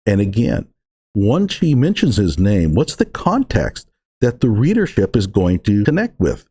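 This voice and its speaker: Male commentator, low husky voice, lively swings in pitch, emphatic and sarcastic reaction talk. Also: a little slow.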